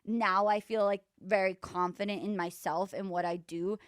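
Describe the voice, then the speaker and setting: A young woman talks in an animated, rambling way, with fillers piled into every sentence. Her voice sits at an ordinary middle pitch. The sound is dry and close. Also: normal speed, no room sound. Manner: animated, filler-heavy storytelling with lots of "like". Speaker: guest sportscaster. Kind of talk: casual podcast chat.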